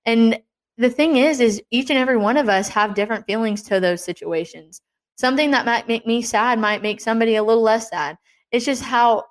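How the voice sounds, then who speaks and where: A young woman talking about faith in a relaxed, chatty way. She sounds earnest and encouraging, and she tosses in playful little asides as she goes. Her voice sits at an ordinary pitch for a woman. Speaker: Christian devotional speaker. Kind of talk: casual faith talk.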